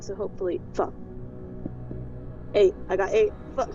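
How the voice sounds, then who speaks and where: A woman playing in a tabletop role-playing game, lively and quick to swear. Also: mid-range voice, over music. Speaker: player. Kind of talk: casual tabletop game play. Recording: dull lo-fi mic.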